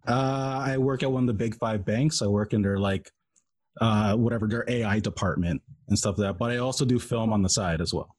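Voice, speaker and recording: A man's voice: lowish voice, fairly quick, a little mellow, dry recording. A man co-hosting a casual chat, laid-back and joking. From Canada. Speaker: co-host.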